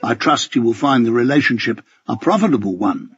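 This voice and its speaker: A man's voice: medium pitch, expressive, fairly quick, slightly rough, highs cut off. A man voicing a suave, ironic male spy handler in an audiobook, mock-formal and dryly polite. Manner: mock-formal and dryly polite, calls others sir and master. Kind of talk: audiobook character voice.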